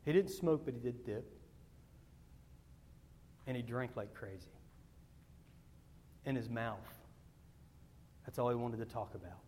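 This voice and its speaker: A male pastor preaching a sermon, telling personal stories in a rambling way, repeating words and swinging from loud to hushed. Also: mid-range voice, a little slow, long pauses, a little hiss or hum.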